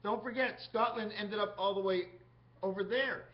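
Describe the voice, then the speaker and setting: A man's voice: sits high, fairly even intonation, moderate pace. A man talking in a rambling monologue, jumping from topic to topic and asking questions of himself. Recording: muffled lo-fi recording with faint music.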